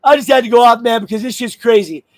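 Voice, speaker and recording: High-voiced man on a profane shouting rant. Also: quick pace, poor audio. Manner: angry, crude, bursts of shouting and laughter. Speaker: vlogger. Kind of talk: profane political rant to camera.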